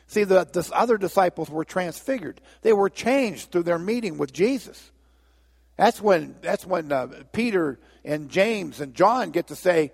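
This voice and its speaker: A man delivers a storytelling sermon, slipping briefly into the voices of biblical figures. His voice sits a little high and carries a gravelly edge. A long reverb trails behind him, as in a large hall. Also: expressive, a little slow. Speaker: preacher.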